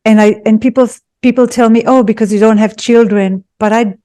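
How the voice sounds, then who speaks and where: Mellow-voiced woman guest. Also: fairly high pitch, fairly even intonation, a little fast. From Israel. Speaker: guest artist. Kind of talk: interview answers.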